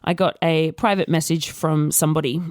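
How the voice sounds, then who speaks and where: A woman with a fairly low voice, telling a story on a casual podcast. Her humor is dry and sarcastic, and the recording is close and dead, with no room sound. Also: fairly even intonation, brisk, dry recording. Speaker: podcast co-host.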